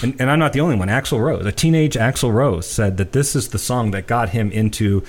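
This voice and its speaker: A man's voice: mid-range voice, brisk. A middle-aged man co-hosting a casual music chat, telling stories with lots of restarts and fillers. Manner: chatty storyteller, many restarts and fillers. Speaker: podcast co-host.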